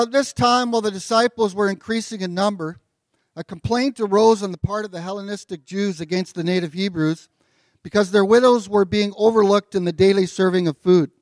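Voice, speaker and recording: A pastor giving a sermon in a relaxed, conversational way, with filler words and joking asides, as he reads and explains scripture. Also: sits high, no echo, clean studio sound.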